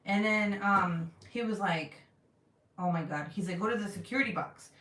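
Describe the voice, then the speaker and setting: A young woman telling a story casually on a livestream and reading her chat, animated and laughing often, with casual swearing. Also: mid-range voice, moderate pace, far from the mic. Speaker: vlogger reading live chat. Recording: roomy sound, mic set back.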